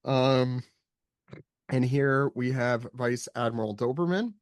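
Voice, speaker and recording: Man, podcast host, mid-pitched, halting and easygoing, passes the floor to others, recorded dry and close. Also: no echo. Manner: relaxed, hesitant, many ums, hands off to co-hosts. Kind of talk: casual chapter recap chat.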